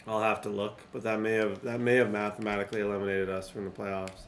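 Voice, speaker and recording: A man's voice: fairly low pitch, level tone, fast, a little hiss or hum. A young man giving casual gameplay commentary, rambling and frustrated as he talks straight to his viewers. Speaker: gaming YouTuber.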